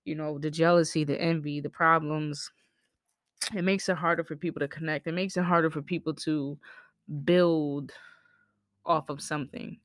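Her low voice holds a steady tone at a moderate pace as this Southern podcast host, with her regional accent, delivers frank, foul-mouthed stories. It's a candid storytelling monologue from the American South, recorded clean and dry in a studio.

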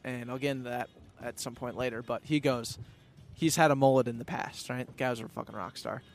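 A young man in casual podcast chat, laughing and mocking himself in lively banter, recorded outdoors on a boat. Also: medium pitch, brisk.

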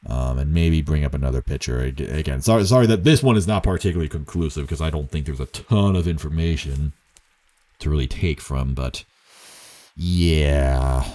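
A man's voice: extremely low pitch, normal speed, dark tone. A young man talking through baseball news in a casual, rambling way, self-mocking, with many fillers and chuckles. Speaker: baseball commentator. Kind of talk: casual solo commentary.

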